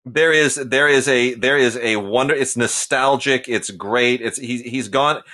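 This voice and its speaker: A man's voice: mid-range voice, unhurried, sharp tone. A man in his forties co-hosting a casual movie review chat, emphatic and jokey with his opinions. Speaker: co-host.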